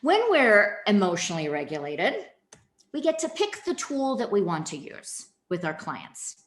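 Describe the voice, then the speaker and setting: A woman's voice: mid-range voice, big pitch swings, normal speed. A woman giving a keynote training presentation, speaking directly and animatedly to her audience. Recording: echoey room.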